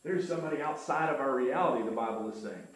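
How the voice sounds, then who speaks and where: A man's voice: medium pitch, quick pace. A man teaching a church Bible class in an earnest, emphatic way, quoting scripture. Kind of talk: church lesson talk. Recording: echoey room with faint noise.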